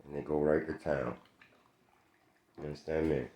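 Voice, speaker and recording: Just woken up, a dog owner vlogger feeds his dogs while chatting to camera in laid-back slang, repeatedly asking "you understand me." His voice is extremely low, steady and warm at a moderate pace. The recording is muffled and roomy with echo.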